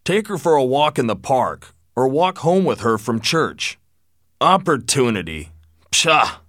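A man voicing a blunt, wealthy old father who lectures his son forcefully, in a lively but dry-sounding reading. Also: mid-range voice, measured pace, no room sound, voice pushed up.

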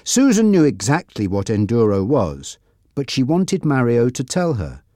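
A narrator reading a simple storybook in a clear, measured way. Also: medium pitch, huge pitch swings, warm tone, no room sound, clean studio sound. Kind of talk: graded-reader audiobook narration.

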